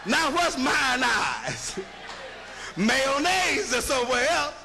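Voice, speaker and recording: High, bright, gravelly male lecturer. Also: very animated, slow, soft background music, some chatter behind. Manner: punchy, rhetorical, asks listeners to follow along. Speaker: linguistics lecturer. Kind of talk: emphatic lecture to an audience. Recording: long hall reverb.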